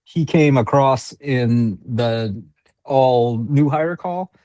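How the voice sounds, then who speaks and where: A man's voice: medium pitch, drawn-out words, mellow, dry recording. A man taking part in a training session, speaking hesitantly and politely as he gives his feedback. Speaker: training participant. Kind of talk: casual remarks in a meeting.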